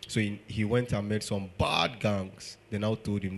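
A man's voice: lowish voice, a little slow, vocal fry. A man with a Nigerian accent preaching a sermon, firing off rhetorical questions and acting out quotes.

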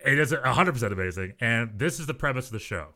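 A man on a casual podcast chat, his voice bright and forward, swinging widely up and down as he tells a story. He laughs often and slips into quick impressions of other people. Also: medium pitch, animated. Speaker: podcast co-host.

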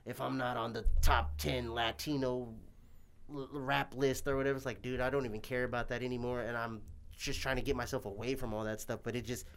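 A young man talks loosely about his music, piling on fillers and cusses as he goes. His voice sits at an ordinary pitch and the talk stays relaxed and unpolished. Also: a little fast, creaky. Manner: rambling, swears freely, many filler "like"s. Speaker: guest musician. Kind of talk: casual conversation.

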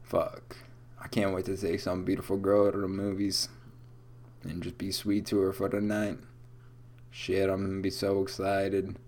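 A man's voice: fairly low pitch, a little mellow. A young man hosting a casual solo podcast at home, talking in a rambling, profane, laid-back way while stoned. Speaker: podcast host. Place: home room with lights off.

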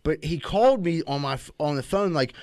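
A man's voice: fairly high pitch, brisk, no room sound. Rambling young man, dry close mic. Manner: rambling, animated, heavy filler words. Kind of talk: casual crude storytelling.

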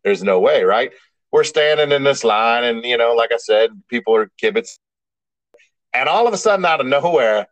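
A man's voice: medium pitch, no room sound, poor audio. Middle-aged guy cohosting a podcast, tells stories and gets worked up, dry close sound. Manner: animated storyteller, rising excitement. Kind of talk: casual chat, storytelling.

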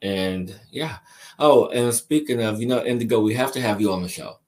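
Slow, very low-voiced spiritual host. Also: male voice, darkish tone. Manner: slow, deliberate, repeats phrases for emphasis; affectionate, addresses listeners as my dear and my friend. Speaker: spiritual show host answering viewers. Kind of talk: live-stream chat reading viewer questions.

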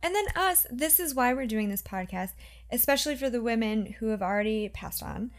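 A woman's voice: fairly high pitch, expressive, brisk. A woman co-hosting a podcast in casual chat, rambling a little with fillers and restarts. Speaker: podcast co-host.

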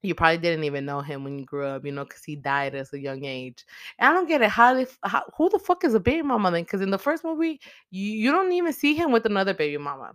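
A woman hosting a show, telling a movie's story in a casual, slangy, profane and animated way. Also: medium pitch, fast talker, dry recording, clean studio sound. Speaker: host.

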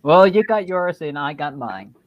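A man's voice: a little high, animated, normal speed. A man on a podcast, wry and self-mocking. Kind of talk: casual group chat. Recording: dull lo-fi mic with faint hiss.

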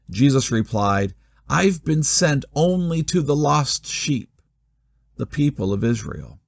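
A man preaching a sermon, expressive, with rhetorical questions and dramatic pauses. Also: fairly high pitch, dry recording, clean studio sound. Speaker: pastor.

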